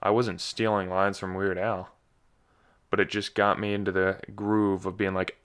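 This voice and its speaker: Young male podcast host, low and smooth, self-deprecating ramble, slightly scratchy voice. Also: little pitch movement, normal speed, fairly bright tone. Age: young adult. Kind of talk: casual solo monologue.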